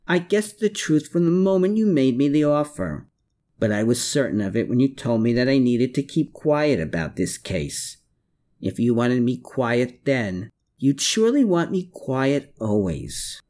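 A man's voice: medium pitch, very animated, a little slow, darkish tone. A man reading aloud, voicing a guilt-haunted, defiant man who cries out his lines. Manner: crying out, pleading.

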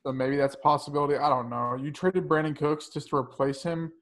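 A man's voice: fairly high pitch, steady tone, a little fast, a bit bright. Matter-of-fact man talking sports. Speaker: podcast co-host. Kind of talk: casual sports podcast chat.

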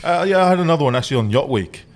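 A man's voice: fairly high pitch, lively intonation, very fast. A young Australian man co-hosting a podcast, telling crude stories in casual banter and laughing often. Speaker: podcast co-host.

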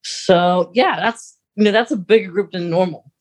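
A young man co-hosting a podcast, chatting casually in a rambling way with quick laughs. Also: sits high. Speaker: podcast co-host. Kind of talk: casual chat.

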